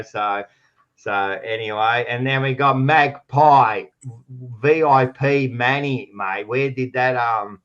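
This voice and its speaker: An Australian man hosting a sports podcast, loud and teasing, swearing freely in casual banter. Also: mid-range voice, dull audio. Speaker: podcast host.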